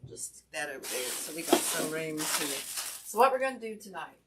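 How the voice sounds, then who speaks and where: Woman, craft livestream host, chatty, a bit breathless, lowish voice, distant camera mic. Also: very animated, brisk. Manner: chatty, apologetic, greets viewers by name. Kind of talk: casual livestream chat while crafting. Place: indoor home craft room. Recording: distant mic with audible background noise.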